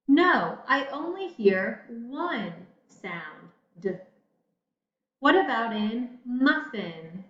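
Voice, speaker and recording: A woman teacher giving a patient phonics lesson to children, speaking slowly and pausing for answers. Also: on the high side, a bit bright. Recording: echoey room, slightly dull sound.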